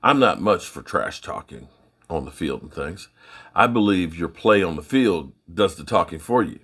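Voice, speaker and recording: A middle-aged man hosting his own sports channel, giving folksy, opinionated commentary in a rambling, casual way with a husky voice. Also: low voice, lively intonation, normal speed, fairly bright tone.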